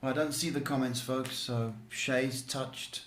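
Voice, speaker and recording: Male psychic host, slow and emphatic, blunt advice, roomy echo. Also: mid-range voice, steady tone, fairly bright tone, a little hiss or hum. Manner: emphatic, blunt advice with repeated words and restarts. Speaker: psychic tarot reader and show host. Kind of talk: live-stream advice show.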